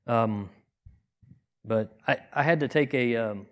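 An earnest man teaching scripture to his congregation in a conversational sermon. His voice sits at an ordinary middle pitch, and he talks plainly, often restarting a sentence or asking a rhetorical question. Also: takes it slowly, a bit bright.

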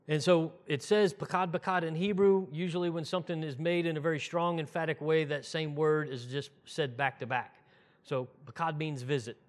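Higher-voiced man teaching a sermon. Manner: conversational teaching, drops low and soft for quotes.

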